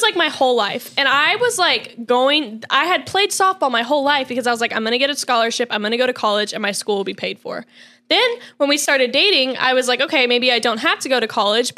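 A young woman in casual chat, telling stories animatedly with lots of "like" and cutting in to defend herself. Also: sits high. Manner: animated storyteller, heavy use of "like", cuts in to defend herself. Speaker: regular of a couples' channel.

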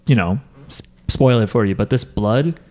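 A man's voice: medium pitch, moderate pace, mellow. A young man hosting a podcast, recapping an anime in casual, joking chat and swearing freely. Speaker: podcast host.

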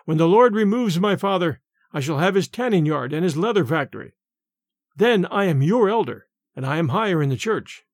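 A man's voice: high voice, expressive, normal speed, dry recording, studio quality. A man playing a pompous young churchman. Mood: boastful. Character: pompous young male churchman, self-righteous.

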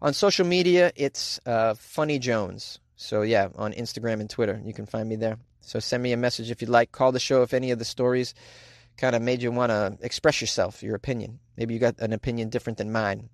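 A man's voice: medium pitch, brisk, no room sound, clean studio sound. Middle-aged boston guy doing his comedy news podcast from a closet, sarcastic, no room sound at all. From Boston, USA. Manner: joking, sarcastic, ranting with laughs. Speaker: podcast host. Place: small closet.

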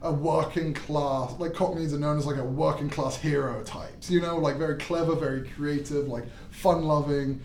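A man's voice: a little high, steady tone, moderate pace, hardly any pauses, darkish tone, distant mic, slight background noise. A man explaining things in a casual chat, laughing often. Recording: roomy sound, off the mic.

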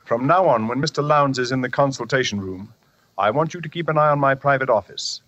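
An actor playing a reserved, measured psychiatrist in a 1940s radio drama. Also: male voice, medium pitch, fairly bright tone, lightly acted. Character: calm, probing male psychiatrist. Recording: dull old radio recording.

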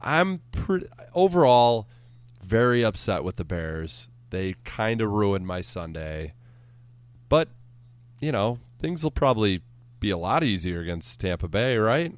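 A man's voice: lowish voice, big pitch swings, a little slow, no echo. A man hosting a sports podcast, chatting casually with a dry, teasing humor.

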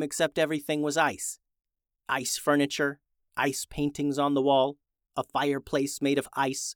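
A man narrating a children's adventure story in a lively, expressive way. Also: on the high side, dry recording, studio quality.

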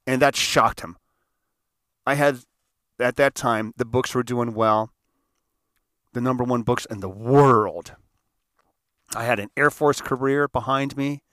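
An older man tells a personal story in a rambling, emphatic way, often swinging from hushed to forceful. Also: medium pitch, no room sound, clean studio sound. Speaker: host.

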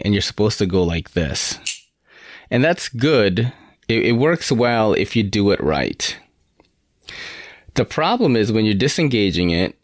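A man's voice: on the low side, dry recording, studio quality. A young man casually reviewing knives on his podcast, laid-back and swearing often. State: slightly out of breath. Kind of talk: casual knife review chat.

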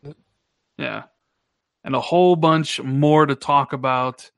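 A man co-hosting a gaming podcast, chatting casually and needling his co-host. His voice sits a little high and leaps higher when he jokes. The sound is dry and close, with no room around it. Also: takes it slowly, creaky, smooth, no echo. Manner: animated, teasing, pitch jumps up when joking.

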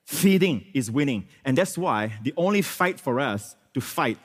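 A man preaching a sermon in church as pastor, switching between loud, emphatic exclamations and hushed, prayerful phrases, with many repetitions and hallelujahs. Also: medium pitch, animated, normal speed, in a large hall. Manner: repeats phrases, frequent hallelujahs and amens.

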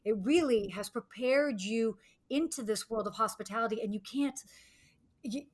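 A woman's voice: fairly high pitch, normal speed. A woman hosting a podcast interview, reacting effusively and enthusiastically to her guest. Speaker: podcast host. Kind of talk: casual interview chat.

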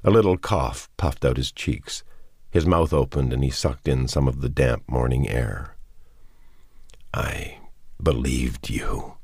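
A man narrating a novel in a slow, steady, somber reading. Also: extremely low pitch, husky, dry recording, studio quality. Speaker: audiobook narrator. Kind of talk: scripted narration.

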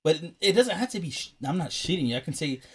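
A man's voice: fairly high pitch, animated, fast talker, a bit bright, husky. A man co-hosting a podcast, chatting casually and joking in a playful way. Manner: joking, playful, puts on silly voices. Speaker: podcast co-host. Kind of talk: casual chat.

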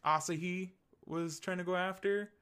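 A man's voice: high voice, steady tone, normal speed, fairly bright tone, clear, resonant tone. A young man co-hosting a podcast, talking in a rambling, enthusiastic way full of fillers and restarts. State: hiccups. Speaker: podcast co-host. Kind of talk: casual chat.

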